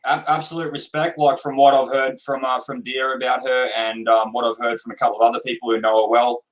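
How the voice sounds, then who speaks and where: A man's voice: medium pitch, flat delivery, a little fast, poor audio. A man in a casual chat, speaking frankly and swearing now and then.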